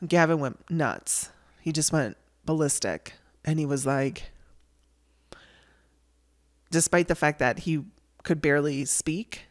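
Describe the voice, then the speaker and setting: A woman's voice: low-pitched, slow pace, pauses often. A woman telling a personal story on her podcast, in a candid and conversational way. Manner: candid, conversational, with restarts and blunt language.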